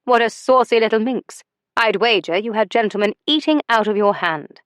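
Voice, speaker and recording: A woman voicing a gallant, teasing young gentleman gambler. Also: a little high, normal speed, clear, resonant tone, dry recording, studio quality, close to an everyday voice. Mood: playful. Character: charming young male gambler posing as an heir.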